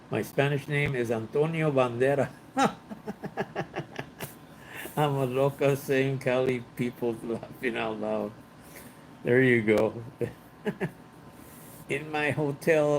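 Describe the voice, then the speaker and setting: Slow, laid-back man. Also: medium pitch, creaky, a little hiss or hum, rough recording. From Los Angeles, United States. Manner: chatty, laughs often, mixes in some Spanish. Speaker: livestream host. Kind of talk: casual live-stream chat reading viewer comments. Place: hotel room.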